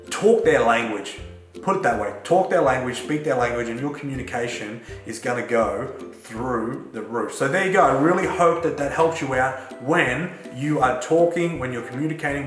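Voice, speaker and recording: A man's voice: medium pitch, normal speed. A man giving casual, chatty advice to camera as a self-development coach, mixing in everyday slang. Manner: chatty and relaxed, with Australian slang. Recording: echoey room with faint music.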